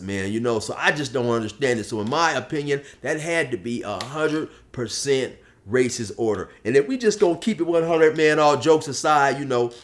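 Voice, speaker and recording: A man telling a comic story in casual street slang, saying man a lot. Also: mid-range voice. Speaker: storyteller, channel host.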